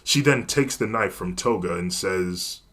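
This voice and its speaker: Low-voiced man narrating a fan story. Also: a little slow, fairly bright tone.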